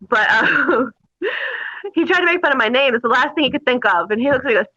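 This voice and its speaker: Animated, laughing woman telling stories. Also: high voice, fast talker, lo-fi sound. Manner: animated, laughing, crude humor. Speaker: guest. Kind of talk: casual interview storytelling.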